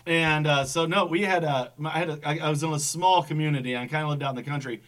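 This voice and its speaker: A man's voice: fairly high pitch, fast talker, a bit bright. A man in casual chat who rambles, laughs easily and acts out voices, recorded a little off-mic.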